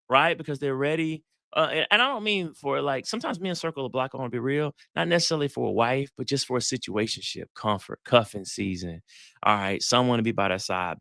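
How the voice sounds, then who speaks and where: Guy hosting a live dating talk, slangy storyteller, crisp dry audio. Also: medium pitch, no echo. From Atlanta, US South. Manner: animated storyteller, acts out quotes, slangy. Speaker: psychologist hosting a live session.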